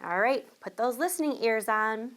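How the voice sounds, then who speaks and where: A woman teacher reading a children's picture book aloud to young listeners, expressive and switching voices for the child and the mother. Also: fairly high pitch, normal speed. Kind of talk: children's storybook read-aloud.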